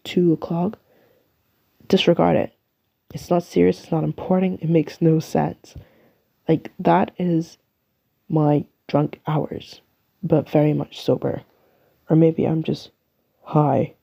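Hosting her own solo podcast, a young adult woman from the UK with an English accent chats and wanders off on tangents in a self-deprecating way. Her voice is low and warm, with vocal fry and a breathy edge.

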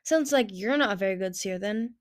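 A cheerful young male dragon who teases and jokes with eager energy, as a woman reads him aloud. The storybook voice sits at an ordinary middle pitch. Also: fairly quick, close to an everyday voice. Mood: playful. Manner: eager, teasing.

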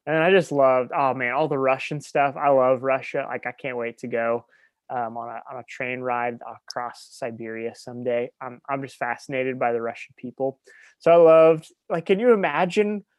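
Man, podcast co-host, eager, gushing, mid-pitched, dry close sound. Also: steady tone, normal speed, no room sound. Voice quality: enthusiastic, gushing. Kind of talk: casual chat.

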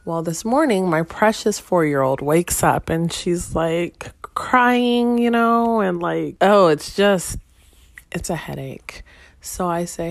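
A woman in her thirties with a fairly low voice tells a chatty, wry story about home life and talks straight to her listeners. The sound is dry and close, with no room echo. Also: animated, slow pace, vocal fry. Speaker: stay-at-home mom vlogger. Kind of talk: casual storytelling monologue.

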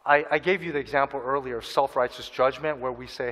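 Bright-voiced preacher man in a hall. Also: mid-range voice, fairly even intonation, fast talker. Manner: earnest preaching, acts out inner voices, repeats for emphasis. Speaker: pastor. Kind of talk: sermon.

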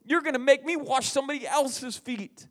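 A man's voice: moderate pace, a bit bright. A male preacher voicing an exasperated disciple who protests in a raised, incredulous voice. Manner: high-pitched, incredulous protest.

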